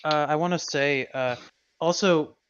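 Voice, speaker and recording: A man's voice: on the high side, measured pace, fairly bright tone, smooth. A man co-hosting a casual movie chat, joking and chiming in often. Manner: chatty, jokey, breaks into silly voices. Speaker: podcast co-host. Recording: dull lo-fi sound.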